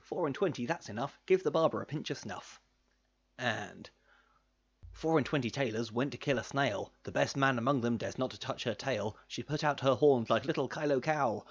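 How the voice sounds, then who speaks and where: A man's voice: medium pitch, slightly rough, highs cut off. Dry, sardonic man reading old rhymes. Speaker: host reading from an old book. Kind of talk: reading rhymes aloud with commentary. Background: music.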